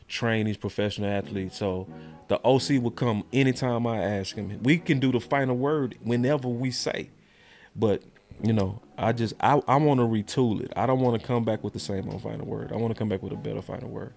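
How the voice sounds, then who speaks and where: A man's voice: lowish voice, creaky, a little mellow. A man hosting a sports podcast, talking in a heated, slangy, repetitive way. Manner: fired-up, slangy, repeats himself. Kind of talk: heated casual sports talk.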